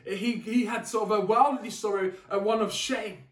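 A man's voice: high voice, fairly even intonation, moderate pace. A man preaching a sermon in an earnest, emphatic way, repeating key phrases for weight. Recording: echoey room, mic at a distance.

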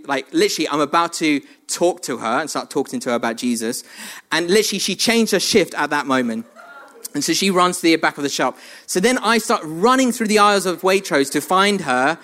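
A man preaching a sermon, telling funny stories about himself and laughing often. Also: sits high. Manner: animated, self-mocking storytelling with frequent laughs.

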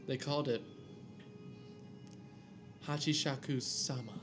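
A man reads a scary story aloud slowly, his mid-range voice holding a steady tone. Casual in manner, he cracks jokes along the way and trips over names, with faint music in the background.

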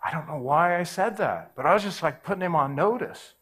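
Male pastor, forties, lively sermon storyteller, high for a man. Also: fairly quick, breathy edge. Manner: animated, acts out every voice in his story.

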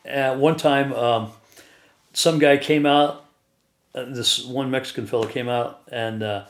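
A man's voice: mid-range voice, fairly even intonation, measured pace, a bit bright. A man telling a rambling personal story as an interview guest, often chuckling as he talks. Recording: echoey room.

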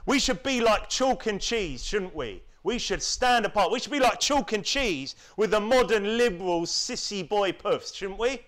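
Preacher from the UK, man with a high voice, forceful sermon, mocks complainers in whiny put-on voices. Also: lively intonation, moderate pace, hardly any pauses. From United Kingdom. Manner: rhetorical, keeps asking tag questions; mimics whining voices to mock them.

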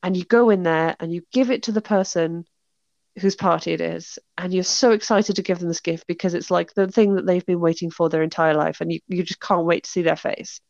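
A chatty British woman with a gravelly, slightly fried edge to her voice talks through a casual conversation, laughing often and acting out the reactions she quotes. The sound is dry and a little dull. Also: fairly low pitch, steady tone, a little fast, a little mellow, dry recording. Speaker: author and podcast host. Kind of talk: casual chat.

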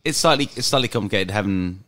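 A man's voice: lowish voice, animated, quick pace, bright, forceful tone, no echo. An English man who owns a pub, telling stories in casual chat, swearing freely and laughing as he goes. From England. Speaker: pub owner and guest.

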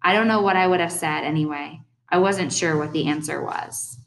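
A young adult woman reading a first-person audiobook in a steady, earnest storytelling manner. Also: deep voice, normal speed, low-quality recording. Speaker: audiobook narrator.

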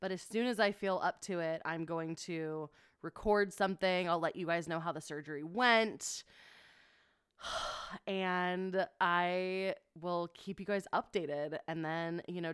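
A woman's voice: lowish voice, fairly bright tone, smooth, no echo. A young woman hosting her own podcast, chatting emotionally with many fillers and giggles into a close mic. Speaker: podcast host. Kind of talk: casual solo podcast chat.

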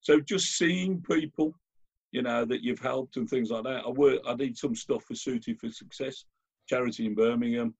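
A man talks in a casual chat, his voice gravelly and a little husky. He tells stories with lively restarts. The audio is dull and lo-fi. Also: medium pitch, normal speed. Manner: animated storyteller, many restarts. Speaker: guest. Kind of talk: casual conversational anecdote.

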